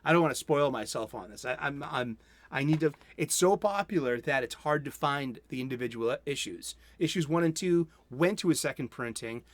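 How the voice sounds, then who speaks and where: A man's voice: mid-range voice, lively intonation, moderate pace, no room sound. A man, hosting a casual solo comics review stream and rambling enthusiastically with many self-interruptions. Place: home studio.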